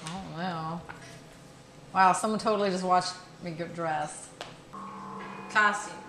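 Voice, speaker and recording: A woman's voice: fairly low pitch, steady tone, measured pace, fairly bright tone. A young woman playing a horror game for the first time, reacting bluntly and crudely. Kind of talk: casual gaming commentary. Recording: roomy room with faint noise.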